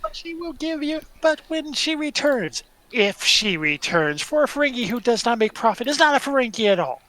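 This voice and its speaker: A man voicing a greedy, money-obsessed male Ferengi alien as a mock phone greeting, in sly, drawn-out patter. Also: very high-pitched, big pitch swings, sharp tone, voice pushed up, heavily acted, low-quality recording. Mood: scheming.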